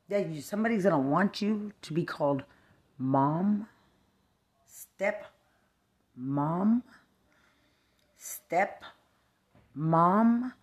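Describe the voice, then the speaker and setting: A woman from Texas, delivering a profane, rambling rant, angry and cursing as she jumps from one thought to the next. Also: lowish voice.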